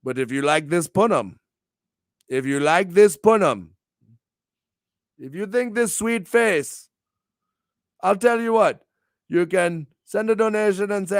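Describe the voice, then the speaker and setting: A young man hosting his morning stream in a loud, theatrical promo voice that pitches high and swings in volume all over the place. His tone is gravelly, full of fry, and the sound is close and dry, with no room echo at all. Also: a little slow, long pauses. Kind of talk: hyped-up wrestling promo chat.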